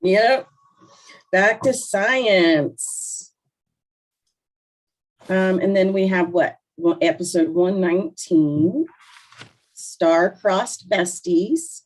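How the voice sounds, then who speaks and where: Slow-talking woman podcast co-host. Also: fairly low pitch, darkish tone, poor audio. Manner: chatty, heavy use of "like", eating cookies while talking. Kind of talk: casual chat.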